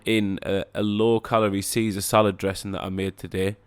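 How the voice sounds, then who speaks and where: A man's voice: on the low side, little pitch movement, brisk, smooth. A man co-hosting a podcast, chatting casually in a blunt, sweary, argumentative way. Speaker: podcast co-host. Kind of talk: casual chat.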